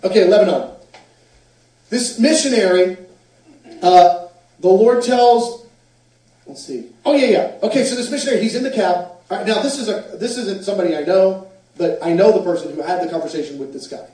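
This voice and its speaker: Male preacher, high-ish voice, animated storyteller, distant echoey hall sound. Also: moderate pace. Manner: animated storyteller, acts out quotes. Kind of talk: sermon storytelling.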